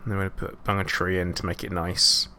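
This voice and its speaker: A man's voice: low voice, level tone, fast talker, pushed and bright. A man streaming a game, chatting casually and rambling with self-mocking asides. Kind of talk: casual live gameplay commentary.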